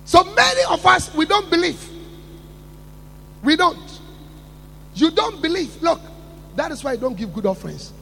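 A man preaching a sermon with emphatic build-ups, repeating words and rising to shouts. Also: very high voice, big pitch swings, measured pace, creaky, long pauses, a little hiss or hum.

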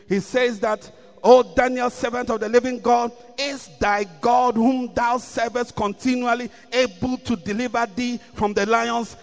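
A man's voice: extremely high pitch, measured pace, in a large hall, soft background music. A man preaching a sermon, reading scripture and repeating key lines with rising emphasis.

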